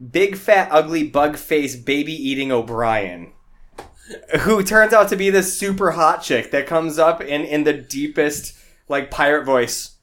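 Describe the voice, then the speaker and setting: Man podcast co-host, slightly high and bouncy voice, loose rambling movie chatter. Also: expressive, measured pace, a bit bright. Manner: rambling and giggly, lots of fillers and tangents. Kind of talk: casual movie-review chat.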